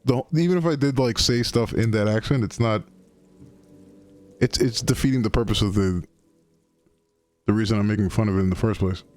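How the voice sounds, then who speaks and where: A man's voice: fairly low pitch, brisk, pauses often, darkish tone. A man casually commenting while playing a game on a live stream, rambling and swearing and riffing on slang.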